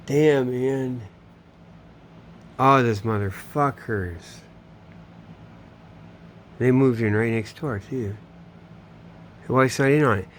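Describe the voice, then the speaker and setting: A man's voice: mid-range voice, takes it slowly, long pauses, a little hiss or hum. A man telling a long, meandering personal story, swearing often and trailing off mid-sentence. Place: home in Florida.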